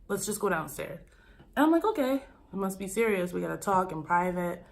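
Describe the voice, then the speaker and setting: Animated woman telling a storytime vlog. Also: on the low side, a little fast, gravelly. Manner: animated storytelling, addressing viewers as "you guys". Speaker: YouTuber.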